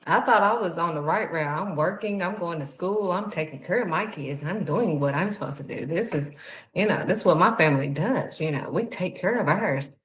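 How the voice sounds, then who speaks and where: Echoey low-voiced woman giving a faith talk. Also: moderate pace. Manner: conversational, preachy, uses "honey". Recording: echoey room.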